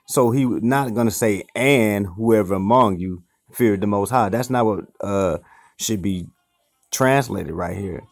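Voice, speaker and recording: A man with a fairly low voice and a gritty, creaky edge teaches an informal Bible study. He works through each word, repeats and restarts his phrases, and keeps checking in with the listener. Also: a little mellow. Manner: checks in with the listener with "okay" and "you see".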